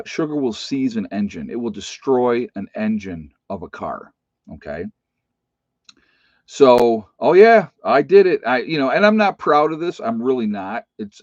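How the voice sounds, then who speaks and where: A man's voice: lowish voice, a little mellow, no echo. A middle-aged man with an Appalachian American accent, telling a story casually to his viewers and rambling with many fillers and restarts. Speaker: channel host. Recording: dull dry home recording.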